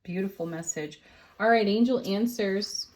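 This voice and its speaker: A middle-aged woman giving a daily tarot card reading, unhurried and gentle, often laughing softly. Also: mid-range voice, a little hiss or hum. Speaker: tarot reader and channel host.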